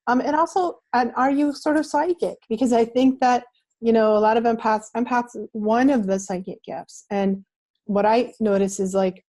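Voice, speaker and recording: A woman's voice: mid-range voice, a little mellow. Earnest woman explaining with vivid images. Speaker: guest, reiki teacher. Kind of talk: explanatory interview talk.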